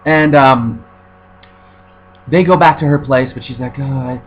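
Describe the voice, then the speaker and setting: A man's voice: fairly high pitch, measured pace. A man giving a sarcastic, profane, rambling review of a film in casual chat, full of fillers. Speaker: movie reviewer. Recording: dull recording with faint hum.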